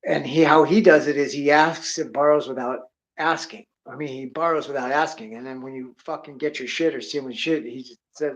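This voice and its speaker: A man's voice: medium pitch, steady tone, brisk. A man telling a rambling, profane story in a blunt, heavily swearing way. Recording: dull lo-fi audio.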